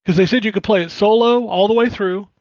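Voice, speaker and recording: High-voiced animated man, dull dry mic. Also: fast talker, no echo. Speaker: podcast co-host. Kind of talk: casual chat.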